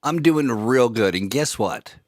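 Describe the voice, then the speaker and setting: A man's voice: medium pitch, lively intonation, a little slow, no room sound, studio quality. A man co-hosting a casual podcast, goofy and rambling, joking along with his co-host over a remote call. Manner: goofy, laughs often, loose rambling talk.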